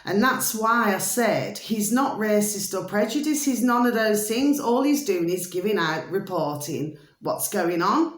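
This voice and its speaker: A woman's voice: medium pitch, lively intonation, a little slow, few pauses, reverberant. A woman with a Birmingham accent chatting casually to her viewers, rambling with lots of fillers and pet names. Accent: Birmingham English. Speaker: vlogger. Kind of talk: casual talk to camera.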